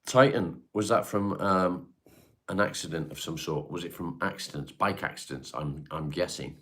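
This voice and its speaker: A man's voice: deep voice, normal speed, fairly bright tone. A man hosting a casual live stream, reading out viewer comments and answering them in a laid-back way with the odd swear word.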